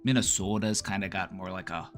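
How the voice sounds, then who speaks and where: A man's voice: deep voice, steady tone, a little fast. A man hosting a casual chat stream, talking in an easygoing, rambling way with lots of fillers. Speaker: streamer host.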